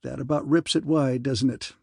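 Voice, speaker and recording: A man reading a big, tough young male pilot who talks in a flat, gritty, blunt way. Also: medium pitch, moderate pace, creaky, husky, dry recording, clean studio sound. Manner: toneless, gritty.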